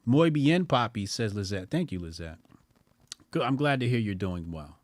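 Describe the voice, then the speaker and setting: A man hosting a casual livestream commentary, slangy and profane, talking to his chat and swinging between loud excitement and low mumbling. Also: moderate pace, no room sound. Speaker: streamer and news commentary host.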